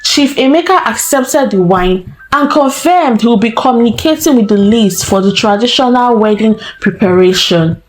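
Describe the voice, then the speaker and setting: A woman storyteller narrating a folktale in a slow, deliberate way. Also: fairly high pitch, animated, a little hiss or hum, low-quality recording.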